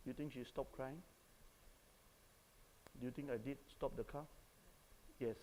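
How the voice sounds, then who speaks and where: A man's voice: medium pitch, fairly even intonation, a little slow, pauses often, mellow, in a large hall, slight background noise, poor audio. A man with a Singaporean English accent, preaching a sermon and telling stories while asking the audience questions. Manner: storytelling, asks the audience questions.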